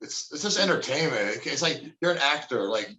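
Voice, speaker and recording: A man looking back on his wrestling days with an easygoing shrug in his voice. He speaks at a mid pitch, and his voice rings around an echoey room. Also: expressive, brisk, pushed and bright. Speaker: guest, former pro wrestler. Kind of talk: casual storytelling interview.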